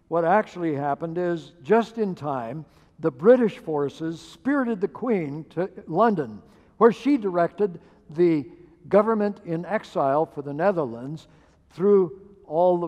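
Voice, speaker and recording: A male pastor with a high voice tells a sermon story at an unhurried pace, pausing on fillers as he goes. His words ring out with the long reverb of a church sanctuary. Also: darkish tone. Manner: measured storytelling with hesitant fillers.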